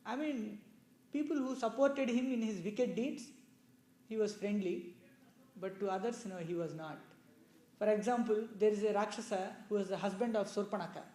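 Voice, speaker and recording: Man, religious storyteller, conversational explaining, frequent casual asides, mellow tone, roomy echo. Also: high-pitched, moderate pace. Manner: loose, explanatory, with many "you know" asides. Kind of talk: conversational scripture discourse with questions. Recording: echoey room.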